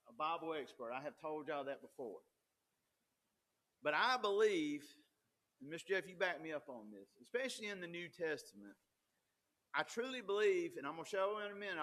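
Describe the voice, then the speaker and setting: A man's voice: fairly high pitch, lively intonation, fairly quick, pushed and bright. A man, preaching a folksy, conversational sermon with frequent restarts. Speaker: pastor.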